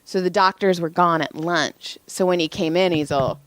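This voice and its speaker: A woman's voice: on the low side, steady tone, moderate pace, few pauses, no echo. A woman co-hosting a podcast, casually telling stories with profanity and acting out the voices of people she quotes. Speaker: podcast co-host; massage therapist. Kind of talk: casual storytelling chat.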